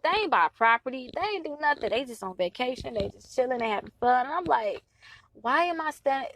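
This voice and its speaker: Fast-talking, chatty woman with a stuffy nose. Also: a little high, no room sound. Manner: chatty, pleading, emphatic. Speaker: credit repair coach and realtor. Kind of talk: casual talk to camera.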